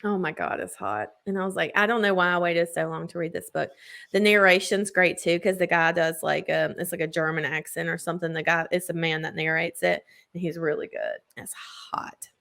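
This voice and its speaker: A woman's voice: fairly low pitch, steady tone, a little fast, creaky, a bit bright. A woman in casual chat, gushing as she retells a book's plot with lots of filler words. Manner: gushing book recap full of "like" fillers.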